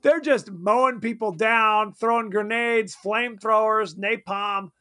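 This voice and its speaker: A man's voice: high voice, unhurried, bright, forceful tone. A man co-hosting a podcast, recapping a horror film in a rambling, laughing way. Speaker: podcast co-host. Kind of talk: casual movie-recap chat.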